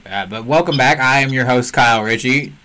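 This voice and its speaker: A young male podcast host with a bright, sharp-edged voice. He talks in a chatty, casual way and quickly jumps in with comments. His pitch stays in the middle range.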